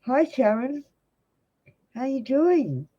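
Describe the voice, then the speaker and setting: A woman's voice: high voice, very animated, takes it slowly, warm tone, dull audio. An Australian woman giving blunt, direct tarot readings to viewers on a live stream. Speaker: tarot reader.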